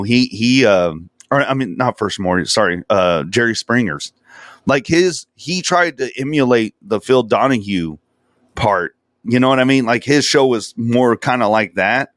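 A man's voice: fairly low pitch, no room sound, studio quality. A man co-hosting a podcast in casual chat, profane and mocking, often slipping into goofy impressions. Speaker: podcast co-host.

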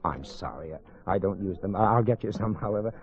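A man's voice: low-pitched, lively intonation, brisk, slight background noise. An actor playing a courteous, easygoing wealthy man who is suspected of murder, in 1940s radio drama style. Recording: muffled 1940s radio broadcast.

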